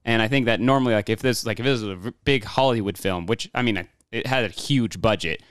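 A man's voice: fairly low pitch, fast, no echo, clean studio sound. A man casually discussing a war film with friends, rambling with many fillers and restarts. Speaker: podcast co-host.

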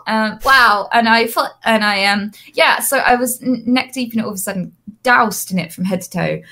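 A young adult woman, an interview guest, telling lively personal anecdotes with frequent fillers and restarts. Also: on the high side, normal speed. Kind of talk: casual storytelling.

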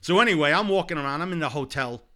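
A man telling a long, lively personal anecdote in casual conversation, laughing along as he goes. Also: fairly high pitch, rapid-fire. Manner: animated anecdote-telling with laughs and repeated "blah, blah". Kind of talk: casual storytelling chat.

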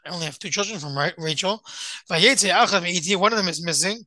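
A man's voice: high-pitched, quick pace, bright, forceful tone, no room sound, rough recording. A man, a rabbi, teaching a Torah class. He poses his own questions and answers them, reading a Hebrew verse and then translating it.

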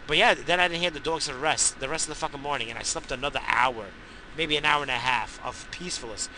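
A man in a profane, angry rant who swears constantly and bursts into shouting. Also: a little high, quick pace, noisy background.

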